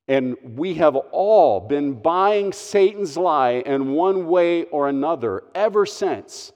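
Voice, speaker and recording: A man's voice: fairly high pitch, expressive, takes it slowly, darkish tone, long reverb tail. A man preaching a sermon as a pastor, earnest and emphatic, stressing his phrases.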